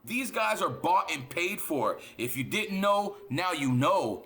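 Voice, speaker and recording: A fired-up man talking straight to his viewers with a bright, forceful edge and a slightly raised pitch. He swears freely and hammers his points home, repeating words for emphasis, in a casual reaction-video monologue. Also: very animated, slow. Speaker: reaction channel host.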